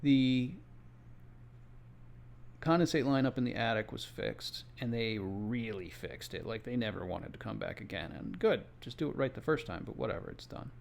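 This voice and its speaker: Gravelly-voiced man telling a work story. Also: lowish voice, animated, normal speed, slight background noise. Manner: conversational, with exasperated asides. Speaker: home inspector. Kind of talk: casual first-person storytelling. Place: Florida.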